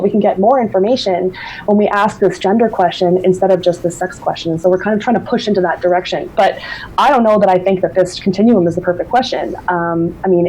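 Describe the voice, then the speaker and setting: A woman presents her research in a loose, chatty way, full of fillers and restarts. Her voice is mellow and relaxed, at a middling pitch. She comes through a video call. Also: husky, low-quality recording. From Newfoundland. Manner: casual, many fillers and restarts. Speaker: invited speaker. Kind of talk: academic talk.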